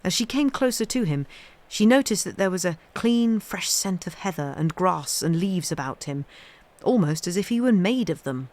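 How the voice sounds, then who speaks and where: A woman reading a classic children's novel aloud in a steady storytelling voice. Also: fairly low pitch, moderate pace. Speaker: reader.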